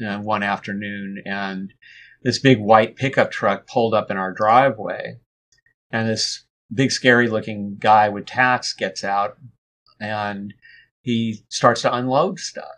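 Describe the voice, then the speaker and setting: Low-voiced male guest, rambling conversational storyteller, lots of restarts. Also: slow pace. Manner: relaxed, rambling, frequent restarts and fillers. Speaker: interview guest.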